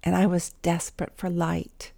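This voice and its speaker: A woman's voice: on the low side, completely flat delivery, normal speed, creaky, dark tone. A woman giving a devotional talk in an earnest, intimate manner, sometimes dropping to a whisper. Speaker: Christian speaker.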